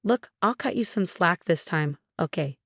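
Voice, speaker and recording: A woman's voice: lowish voice, animated, moderate pace, dry recording, clean studio sound. A woman reading as a ranting, scornful husband. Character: angry condescending young husband, male.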